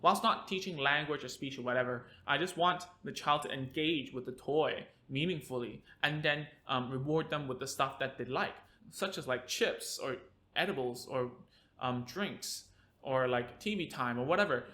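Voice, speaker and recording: A man's voice: mid-range voice, normal speed, sharp tone. A man, a speech therapist, talking energetically to parents in an educational video, with frequent tag questions like "all right?".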